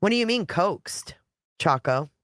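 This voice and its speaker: Lower-ish voiced woman rambling on her livestream, blunt and chatty, dead dry mic. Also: lively intonation, a little slow, fairly bright tone, no echo. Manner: chatty, laughs often, swears casually. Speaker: YouTube creator live-streaming. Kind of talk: casual live-stream chat reading comments.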